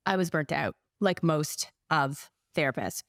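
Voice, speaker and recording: A woman's voice: low voice, lively intonation, a little slow, no echo, clean studio sound. A woman in her forties, a business coach for therapists, telling her story in a casual interview and acting out her own past words.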